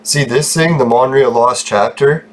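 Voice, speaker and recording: A man's voice: mid-range voice, unhurried, a little hiss or hum. A man hosting his own gaming channel, talking casually over gameplay, swearing freely and laughing often as he rambles.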